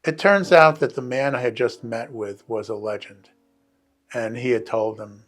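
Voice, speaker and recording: An older man from New Jersey, a physician, telling a personal story in a wry, animated way and acting out the dialogue. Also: mid-range voice, normal speed, faint music behind.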